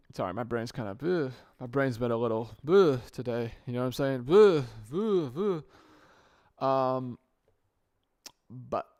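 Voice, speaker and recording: In a casual solo podcast monologue, a young male host thinks aloud into a good microphone, rambling and frequently restarting or correcting himself mid-sentence. His voice is an ordinary middle pitch with a darkish tone, and the dry sound carries no room echo.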